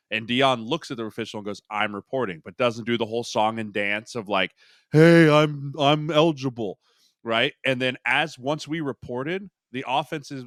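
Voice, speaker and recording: Ex-lineman guy on a podcast, mid-pitched voice, tells stories all animated, dry close sound. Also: no room sound. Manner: animated storyteller, acts out quotes. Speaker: guest, former football lineman. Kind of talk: casual storytelling.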